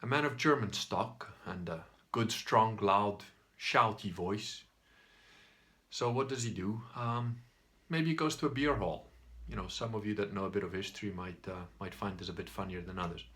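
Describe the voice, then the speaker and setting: A man's voice: on the low side, fairly bright tone. A man hosting his own video, telling a story in a casual monologue, swearing now and then. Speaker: video host.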